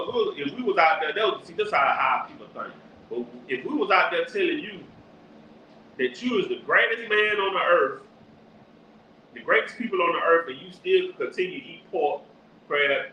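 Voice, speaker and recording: Forceful, bright-voiced male street preacher. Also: on the high side. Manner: forceful, preachy, directs the reader. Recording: echoey, distant, dull lo-fi with faint noise.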